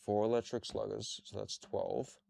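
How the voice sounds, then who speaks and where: A young Australian man with a relaxed, rambling manner, talking casually while opening trading cards. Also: lowish voice, moderate pace, vocal fry. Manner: relaxed, rambling, self-deprecating. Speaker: card-opening channel host. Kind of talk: casual card-opening commentary.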